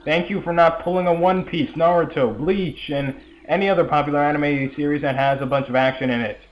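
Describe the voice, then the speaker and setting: A man's voice: a little high, fairly even intonation, brisk, slight background noise. A young man giving casual, rambling commentary over a video game, full of chatty asides and fillers. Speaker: let's play commentator.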